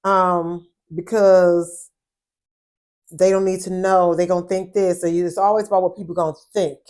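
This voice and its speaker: A woman co-hosting a podcast in casual chat, animated and often repeating words as she starts a thought. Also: lowish voice, moderate pace. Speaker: podcast co-host.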